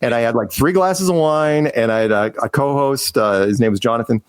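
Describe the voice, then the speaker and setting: A man's voice: medium pitch, a little fast, clean tone, no echo. A man, a podcast guest, telling a long story in a casual, rambling way, with many restarts and acted-out quotes.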